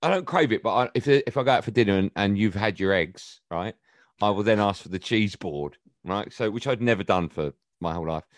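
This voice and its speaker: A middle-aged English man chatting on a podcast, telling stories with a teasing, animated manner. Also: fairly low pitch, fairly quick, no room sound, clean studio sound. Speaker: guest. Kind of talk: casual podcast chat.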